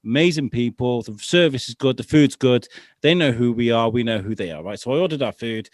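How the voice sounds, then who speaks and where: Male podcast co-host, animated sweary storyteller, mid pitch, dry close mic. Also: a little fast, dry recording. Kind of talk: casual chat.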